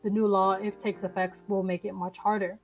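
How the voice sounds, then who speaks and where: A woman's voice: mid-range voice, level tone, brisk, faint music behind. A young woman reading news articles aloud on a live stream, stumbling over words and breaking in with blunt, profane rants.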